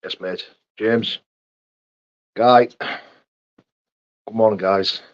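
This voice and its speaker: A man's voice: lowish voice, fairly even intonation, drawn-out words, no room sound. A young man hosting a casual live chat, reading out viewers' names and answering their questions. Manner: reads out viewer names and greets them, chatty and matey. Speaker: livestream host answering chat. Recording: dull muffled sound.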